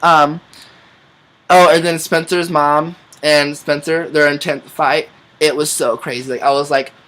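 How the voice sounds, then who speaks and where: A young man talking straight to his camera in a casual vlog, excitable and chatty. His voice sits a little high for a man. He fills his talk with fillers and drops the odd swear word. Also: measured pace. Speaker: vlogger.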